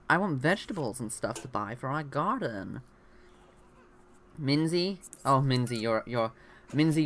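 Young adult, let's-play commentator; chatty, self-interrupting, addresses the game's characters, average pitch. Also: bright, forceful tone. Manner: chatty, rambling, talks to game characters, often trails off. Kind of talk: casual gameplay commentary.

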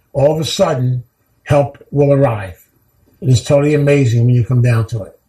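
In a heartfelt recovery talk, a man with a fairly high, mellow voice tells stories earnestly and repeats key phrases to give them weight. The audio is poor and reverberant.

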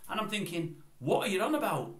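A man's voice: high voice, big pitch swings, fairly quick, fairly bright tone. Rambling older man. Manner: rambling, digressive, opinionated. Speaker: YouTube commentator. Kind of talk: casual opinion vlog. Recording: roomy echoey room.

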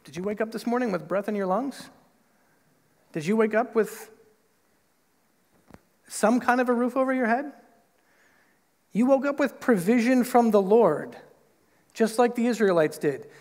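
A man's voice: a little slow, pauses often, a little mellow. A man preaching a sermon as pastor, talking conversationally with many casual fillers and acting out quoted voices. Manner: conversational, lots of "like" and "right?"; acts out quoted voices with big pitch jumps. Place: church sanctuary. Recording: long hall reverb in a church.

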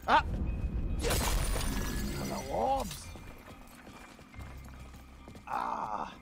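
Man putting on a brash alien prince for a let's-play, high gravelly yells, wildly swinging pitch, game music behind. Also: huge pitch swings, extremely slow, exaggerated voice. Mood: ranting, gaming. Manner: swearing, shouting outbursts at the game. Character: arrogant hot-headed alien warrior prince, male adult. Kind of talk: gaming commentary in character.

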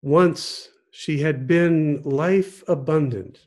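A man, a pastor, telling a parable in a sermon, gently and with pauses. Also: on the high side. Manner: slow, gentle storytelling with pauses. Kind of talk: storytelling sermon.

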